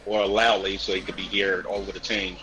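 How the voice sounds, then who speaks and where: A man's voice: low voice, level tone, fairly quick, pushed and bright, low-quality recording. A man playing a tabletop game, plainly describing his character's actions. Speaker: player.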